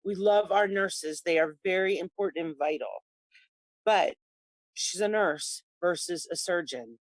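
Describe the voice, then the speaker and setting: Brief: female co-host, mid pitch, dry close recording, opinionated and lively. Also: unhurried, dry recording. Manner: opinionated, animated. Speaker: talk show co-host. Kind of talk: casual political talk.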